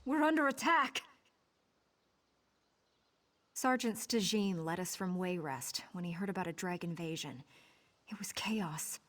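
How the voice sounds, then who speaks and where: A woman's voice: fairly low pitch, expressive, normal speed, natural voice. Scared game townswoman begging for help, anxious and pleading, voiced by a woman. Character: frightened townswoman seeking help. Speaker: game character.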